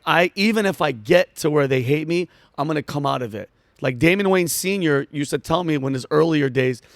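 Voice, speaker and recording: Comedian guy talking fast and hyped, kinda high voice, dry sound. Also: no echo. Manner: fast, excitable, acts out quotes with shouts. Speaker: comedian guest. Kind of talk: animated storytelling in conversation.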